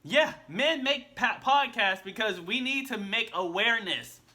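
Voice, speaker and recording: High, bright-voiced man reacting bluntly. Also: expressive, unhurried. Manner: blunt, repeats himself, slangy with "bro". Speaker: reaction video host. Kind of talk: casual reaction commentary.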